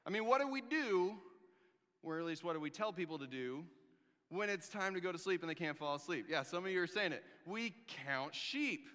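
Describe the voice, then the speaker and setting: A man with a high, bright, ringing voice preaches in a church hall, where his words trail off in a long reverb. He tells the story with lively humor and wry, sarcastic asides. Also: a little fast. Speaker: pastor. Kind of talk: sermon.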